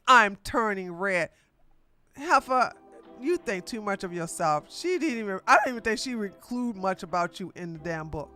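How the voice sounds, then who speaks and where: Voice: mid-range voice, expressive, moderate pace, pushed and bright, no room sound, soft background music. A live-stream commentator running through online drama in a blunt, sassy, trash-talking way, often speaking straight to the people being discussed.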